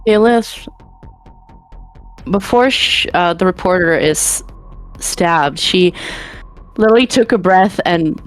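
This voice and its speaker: A woman's voice: fairly low pitch, takes it slowly, long pauses, soft background music. A woman playing a tabletop game, describing her character's feelings in a hesitant, thoughtful way. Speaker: player.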